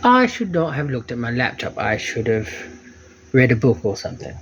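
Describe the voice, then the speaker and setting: Lively self-mocking young man. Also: mid-range voice, moderate pace, slightly rough, no room sound, muffled recording. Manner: dry, self-mocking, rambling. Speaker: vlogger. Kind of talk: casual video diary.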